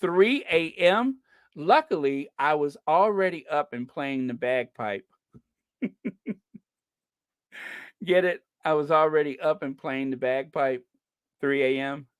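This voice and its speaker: Slow, chatty livestream host from the US. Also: mid-range voice, animated, clean tone, no room sound, clean studio sound. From United States. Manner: chatty, giggles at own jokes. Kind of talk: casual livestream chat.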